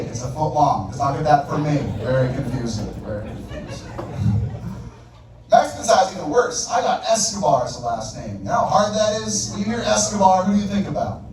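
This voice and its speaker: A high-voiced male stand-up comedian works the crowd and delivers loud punchlines on a comedy club stage. The room is echoey, the mic is distant, and audience noise comes through.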